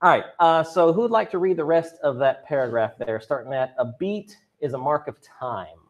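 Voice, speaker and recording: A man's voice: on the high side, lively intonation, moderate pace, muffled recording. A man teaching a drama and chorus class over a video call, chatty and upbeat, with joking asides to his students. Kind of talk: virtual class lesson. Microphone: computer mic on a video call.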